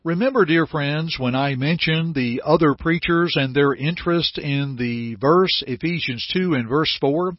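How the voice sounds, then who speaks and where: A man delivers an earnest radio sermon in a somewhat high, husky voice. His phrasing leans on emphatic repetition. The sound is dry and dull, like a lo-fi broadcast. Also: unhurried, few pauses, no echo. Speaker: radio preacher.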